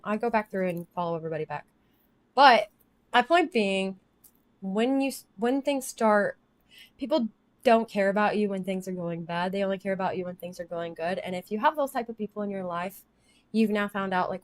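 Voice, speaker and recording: A woman in her thirties, a livestreamer chatting candidly and emotionally about family life, rambling as she reads chat comments aloud. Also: medium pitch. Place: home office.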